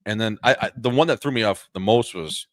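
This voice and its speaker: Young wisconsin guy on a podcast, real deep voice, easygoing, dry mic. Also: a little fast, no room sound. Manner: easygoing storyteller, filler-heavy. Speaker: podcast co-host. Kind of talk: casual chat.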